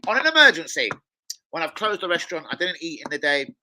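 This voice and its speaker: A man's voice: on the high side, fast, a little hiss or hum, rough recording. A man hosting a football watch-along, rambling and swearing freely in casual chat. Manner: rambling, excitable, swears a lot. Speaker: chef.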